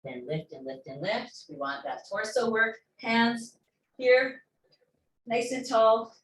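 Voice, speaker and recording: A woman fitness instructor guides a class through stretches and breathing, giving encouraging cues and playful asides. Her fairly high voice moves slowly, and the mic is far off in an echoey room with slight background noise.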